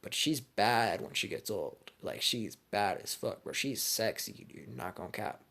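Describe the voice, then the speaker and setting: A young man rambling through a made-up fan story in crude, slangy bro talk. His voice is fairly low but swings up and down a lot. He keeps it loose and unscripted, full of swearing and asides. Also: expressive, measured pace, sharp tone. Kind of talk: casual fan-fiction storytelling.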